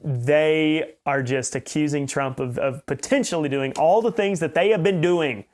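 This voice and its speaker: A man hosting a podcast, reading news pieces aloud and breaking off into sarcastic, mocking asides, often halting and repeating himself. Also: on the high side, a little mellow. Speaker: podcast host.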